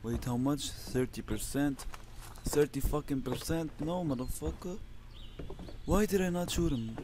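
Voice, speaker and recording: A man from Lebanon hosting his own channel, giving excitable, profanity-heavy commentary on a survival game and talking trash at the enemies. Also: fairly high pitch, measured pace, background noise. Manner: excitable, swears constantly, talks to the enemies. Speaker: gaming channel host.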